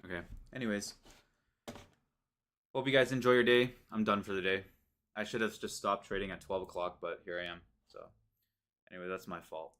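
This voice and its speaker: A man's voice: sits low, level tone, a little fast, a bit bright. A young man streaming his day trading live, frustrated and swearing, repeating himself as he talks to viewers.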